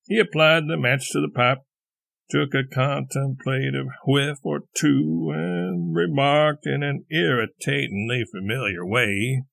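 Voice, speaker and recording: A man reading a classic short story aloud as an audiobook narrator, with a measured, even delivery. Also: mid-range voice, creaky, no room sound. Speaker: audiobook reader.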